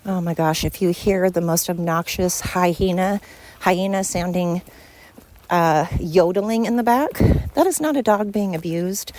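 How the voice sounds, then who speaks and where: A woman's voice: on the low side, a little mellow. A woman hosting a podcast, talking at home in a frank, rambling monologue as she vents. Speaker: podcast host. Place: at home with her dog.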